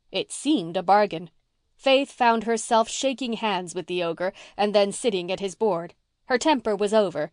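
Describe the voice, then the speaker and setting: A woman reading a classic novel aloud as an audiobook narrator, in an even storytelling delivery. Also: medium pitch, moderate pace, no room sound, clean studio sound. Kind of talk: scripted narration.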